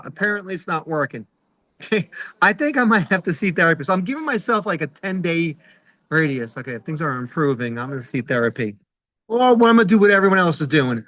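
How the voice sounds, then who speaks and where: A man's voice: a little high, a bit bright, no room sound, poor audio. A middle-aged man doing a rambling stand-up comedy set over a video call, full of fillers and acted-out quotes. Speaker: stand-up comic.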